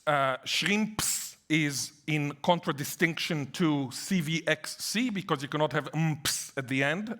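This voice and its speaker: A man whose first language is Hebrew, giving an animated academic lecture on linguistics with playful asides. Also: fairly high pitch.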